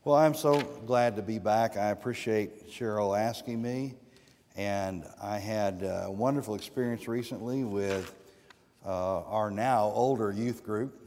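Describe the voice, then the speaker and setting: A man preaching a sermon as a guest preacher, with sweeping rises and drops in pitch and loudness. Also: measured pace, a little hiss or hum. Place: church sanctuary. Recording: long reverb of a church sanctuary.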